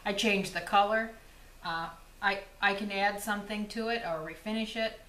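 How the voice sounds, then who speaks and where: Agreeable co-host lady, bright voice, roomy sound. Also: medium pitch, moderate pace. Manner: agreeable, chiming in. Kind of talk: casual chat. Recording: echoey room.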